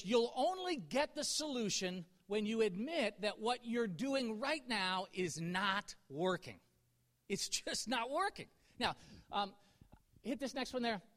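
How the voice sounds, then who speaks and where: A man's voice: high voice, fairly bright tone. A middle-aged man preaching a sermon as a pastor, candid and self-deprecating, building to emphatic peaks. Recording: long hall reverb.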